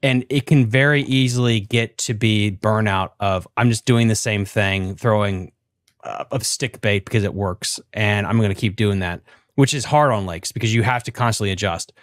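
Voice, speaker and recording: A man's voice: fairly low pitch, moderate pace, dry recording, studio quality. A man hosting a live fishing podcast, asking long rambling questions in a loose, joking way. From United States. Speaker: podcast host. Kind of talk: casual live podcast chat.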